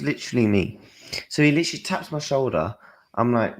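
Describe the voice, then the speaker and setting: A man's voice: medium pitch, a little fast. A young man chatting casually on a football livestream, telling stories animatedly in blunt slang with mild swearing. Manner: animated storytelling, acting out his own and others' lines.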